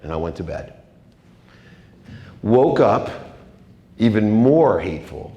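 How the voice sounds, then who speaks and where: Deep-voiced man speaking in an echoing hall. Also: expressive, brisk, highs cut off. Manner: confessional, emotional, dramatic swings in loudness. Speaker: keynote speaker. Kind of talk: motivational storytelling speech. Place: large event hall. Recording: echoey hall with long reverb.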